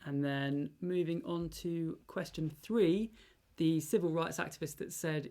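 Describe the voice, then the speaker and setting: Low-voiced woman co-host. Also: measured pace, hardly any pauses, warm tone. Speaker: quiz co-host. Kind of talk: casual quiz answer readout.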